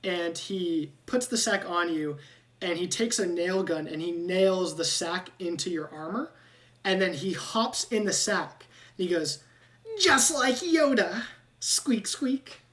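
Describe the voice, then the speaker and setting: A woman's voice: fairly low pitch, unhurried, distant mic. A woman narrating a tabletop game as game master in a playful way.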